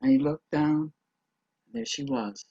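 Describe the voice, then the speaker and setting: A woman telling a folk tale aloud, dramatic, moving between hushed and emphatic delivery. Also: deep voice, lively intonation, unhurried, gravelly, breathy edge, dry recording, highs cut off. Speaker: storyteller. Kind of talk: oral folk-tale storytelling.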